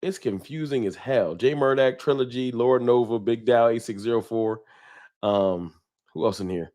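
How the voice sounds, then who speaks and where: A man's voice: medium pitch, normal speed, darkish tone. A man chatting casually on a live stream at home, speaking into a desk microphone. He greets viewers one by one in easygoing slang and keeps up a loose, running talk with the chat. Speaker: livestream host. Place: home room with a wall sign.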